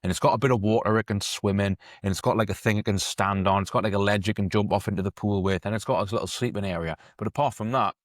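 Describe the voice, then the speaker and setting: A man's voice: fairly low pitch, steady tone, fast, few pauses, dry recording, studio quality. A man, an eating coach telling a story in a chatty, conversational podcast monologue. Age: 30s.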